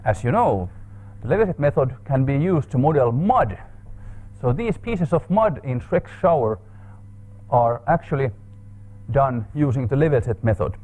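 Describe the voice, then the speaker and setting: Male seminar speaker, mid pitch, hesitant and unscripted, thinking aloud through technical material. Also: expressive, normal speed, a little mellow. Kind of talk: academic lecture. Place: seminar room.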